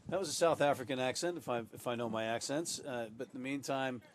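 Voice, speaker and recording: A male play-by-play commentator on a college rugby stream. His voice sits at an ordinary middle pitch, and he talks in an easygoing way, handing off to his colleagues. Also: fast, very noisy. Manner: easygoing, hands off to the sideline. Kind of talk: sports broadcast commentary.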